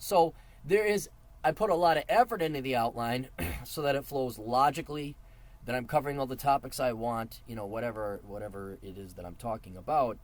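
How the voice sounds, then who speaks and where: A middle-aged man giving advice in a casual monologue, blunt and profane with a mocking edge. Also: mid-range voice.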